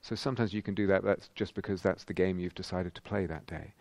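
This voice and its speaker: A man giving a thoughtful dharma talk as a meditation teacher at a retreat, pausing and restarting as he searches for words. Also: low voice, fairly even intonation, vocal fry, a little mellow, no echo. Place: retreat centre meditation hall.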